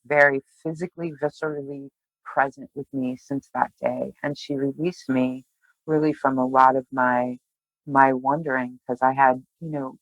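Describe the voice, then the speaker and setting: A woman's voice: a bass voice, no echo, low-quality recording. Heartfelt woman telling a personal story. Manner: heartfelt, emotional, halting with restarts. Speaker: tarot reader, guest. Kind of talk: personal storytelling in a podcast interview.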